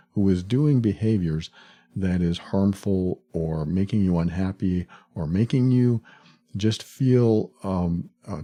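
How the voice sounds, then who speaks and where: A man hosting a solo podcast, speaking reflectively and acting out quoted lines with sudden jumps in pitch. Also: mellow. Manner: laughs at the absurdity. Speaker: podcast host.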